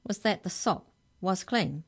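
A woman's voice: on the low side, animated, measured pace, husky, full character voice. A woman voicing the Tooth Fairy, a mouse who speaks in a formal, long-winded way. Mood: aggrieved.

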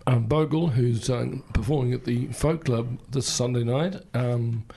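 Un homme avec un accent néo-zélandais, animateur d'une radio locale, qui bavarde de façon décousue avec beaucoup d'hésitations. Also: male voice, mid-range voice, a little slow, vocal fry, mellow, a little hiss or hum. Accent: New Zealand. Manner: rambling, full of ums. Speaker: community radio host. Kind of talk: casual radio chat.

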